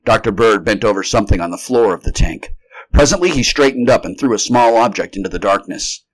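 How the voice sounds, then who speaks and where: Low-voiced man narrating a story. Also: animated, brisk, husky. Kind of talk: unrehearsed reading of a vintage sci-fi story.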